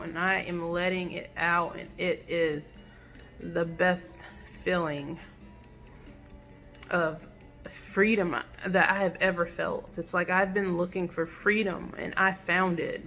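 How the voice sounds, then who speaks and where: A woman telling a personal story in a reflective, halting way, with many fillers and restarts. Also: lowish voice, fairly even intonation, fairly bright tone, soft background music. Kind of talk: personal testimonial monologue.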